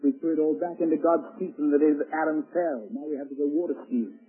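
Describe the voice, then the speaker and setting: A man preaching a sermon with dramatic swings between hushed and loud delivery. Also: fairly high pitch, quick pace, slightly rough, soft background music. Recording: tinny lo-fi radio broadcast.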